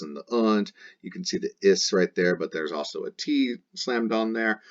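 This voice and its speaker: Slow, low-voiced man teaching grammar. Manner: methodical, drills endings aloud in rhythmic lists. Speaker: Latin teacher. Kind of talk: classroom grammar lesson. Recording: dull lo-fi recording.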